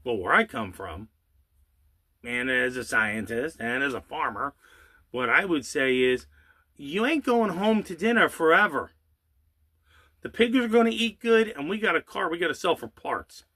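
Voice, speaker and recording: An animated channel host, his voice higher, bright and forceful, rants with anger and sarcasm, asking rhetorical questions and dropping the occasional curse. He emphasizes points by drawing certain words out slowly.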